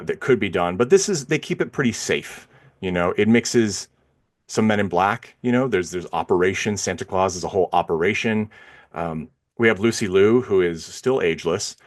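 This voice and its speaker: A man with a very low voice co-hosts a film podcast. He talks loosely, circling back on himself with plenty of ums and restarts. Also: lively intonation, moderate pace. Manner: rambling, many fillers and restarts. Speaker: podcast co-host. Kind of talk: casual film review chat.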